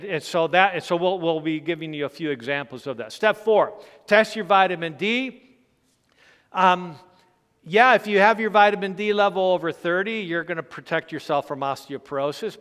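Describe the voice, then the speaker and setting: Middle-aged doctor guy giving a health talk, kinda high clear voice, leans on key points, keeps going "okay, right?". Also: fairly bright tone. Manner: explanatory, checks in with "Okay" and "Right?"; emphatic, stresses key points. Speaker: physician giving a health seminar. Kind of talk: health seminar lecture. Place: church hall. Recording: long hall reverb.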